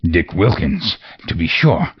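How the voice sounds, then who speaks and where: Subdued old miser, voiced by a man, very deep and soft-spoken, husky tone. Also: big pitch swings, slow pace, highs cut off, exaggerated voice. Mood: rueful, wistful. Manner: quiet, hushed, rueful.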